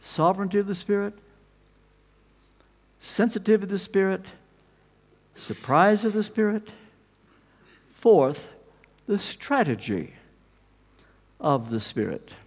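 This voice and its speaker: A man preaching a sermon, telling the story with animated swings between loud emphasis and quiet asides. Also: high voice, slow pace, pauses often. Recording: long reverb of a large hall.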